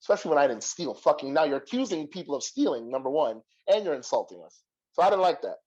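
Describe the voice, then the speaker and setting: A man's voice: a little high, very animated, quick pace, a little mellow, lo-fi sound. A man telling a heated story in casual podcast chat, cursing freely and acting out what he said back then. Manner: profane, heated retelling with quoted dialogue.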